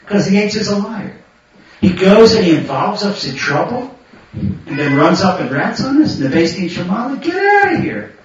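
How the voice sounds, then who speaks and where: A man teaching a Torah class, animated, telling stories and bursting into shouts. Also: sits high, far from the mic, a little hiss or hum. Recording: muffled echoey hall from afar.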